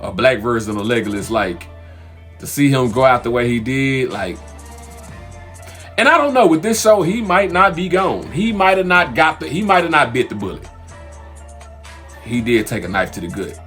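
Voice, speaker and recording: A man's voice: medium pitch, very animated, normal speed, long pauses, a bit bright, soft background music. A man casually reviewing a fantasy TV episode as host of his own channel, talking loosely and animatedly with lots of fillers and restarts. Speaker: TV recap host.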